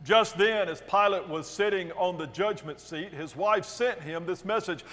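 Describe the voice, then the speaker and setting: A man's voice: high-pitched, normal speed, hardly any pauses, a bit bright, in a large hall. A male pastor reading a Bible passage aloud during a worship service, raising his voice for the quoted lines. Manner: reads quoted speech with raised, emphatic delivery. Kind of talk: dramatic scripture reading. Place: church sanctuary.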